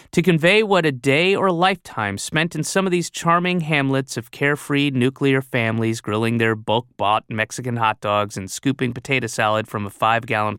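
A man from Georgia narrates his own comedy audiobook in a bitter, sardonic rant, full of sarcastic asides. His voice is bright and crisp, and the booth sound is very dry. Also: mid-range voice, no echo. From Georgia, USA. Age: adult under 60.

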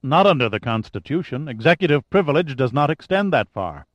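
A man's voice: mid-range voice, sing-song, fairly quick, no echo, dull audio, pitched above the performer's own voice, close to an everyday voice. Man voicing anxious male aide, urgent, pleading.

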